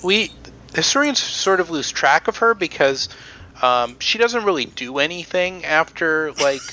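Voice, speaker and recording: A man co-hosting a casual history podcast, explaining in a halting way with many fillers and restarts. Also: a little high, lively intonation, pushed and bright, low-quality recording. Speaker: podcast co-host presenting history.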